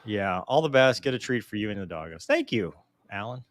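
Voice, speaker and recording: A man in his forties, speaking briskly in a voice on the low side, hosts a casual live Q&A where he reads viewer mail. He jokes about himself in an animated, self-deprecating way, and the recording has no echo.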